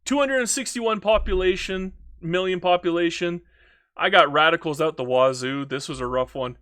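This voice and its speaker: A man giving casual commentary over a strategy game, animated and ranting, with frequent restarts. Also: high voice, moderate pace. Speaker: gaming YouTuber.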